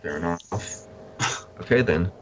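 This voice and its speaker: A man's voice: low voice, lively intonation, unhurried, lo-fi sound, a little hiss or hum. A man reviewing trading cards in casual chat, blunt and opinionated with a dry sense of humor. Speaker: card game reviewer.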